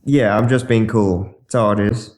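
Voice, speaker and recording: A man's voice: fairly low pitch, steady tone, moderate pace, a little mellow. A man as a guest on a casual podcast, a goofy, playful storyteller who acts out silly lines while giving dating advice.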